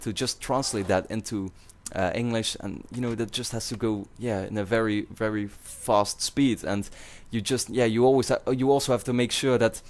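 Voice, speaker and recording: Dutch-accented young man, lower voice. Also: fairly even intonation, normal speed, hardly any pauses, darkish tone. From Netherlands. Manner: rambling, many fillers and restarts. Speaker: YouTuber. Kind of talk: casual commentary to viewers.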